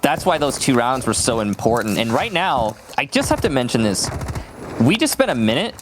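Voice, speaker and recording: A man casting a live esports match, chatty and loose, his pitch swinging up and down a lot. Steady noise runs clearly behind his voice. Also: normal speed. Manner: casual, chatty, with frequent fillers. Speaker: esports caster.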